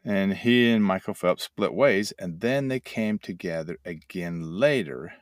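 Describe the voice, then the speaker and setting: Slow, deep-voiced older man. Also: dry recording, clean studio sound. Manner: folksy, animated storytelling with sound effects. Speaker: host and addiction mentor trainer. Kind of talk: motivational talk to camera.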